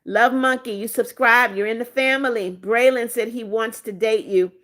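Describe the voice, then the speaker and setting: A woman's voice: a little high, fairly even intonation, moderate pace, fairly bright tone. A woman in her seventies hosting a casual livestream, reading viewer comments aloud with a playful, teasing manner. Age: 70s. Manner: playful, teasing, frequent laughs. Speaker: livestream host.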